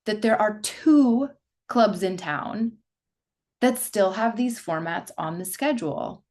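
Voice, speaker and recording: A woman in her thirties talks through a solo podcast episode in a chatty, emphatic way. Her voice sits at an ordinary middle pitch. She presses her points hard and often wanders into quick asides. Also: a little mellow. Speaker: podcast host and fitness instructor trainer. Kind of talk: casual solo podcast talk.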